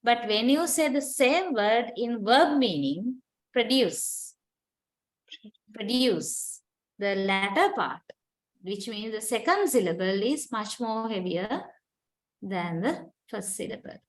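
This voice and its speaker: Slow, patient woman lecturer, non-native English. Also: on the high side, expressive. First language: not English. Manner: patient, explains step by step, repeats words to model stress, checks in with "right?". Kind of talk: recorded university lecture.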